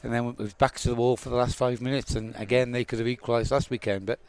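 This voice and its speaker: A man's voice: mid-range voice, flat delivery, fast, a little mellow, clean tone. A man giving his view on a football match in a casual chat, emphatic and matter-of-fact. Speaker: football pundit.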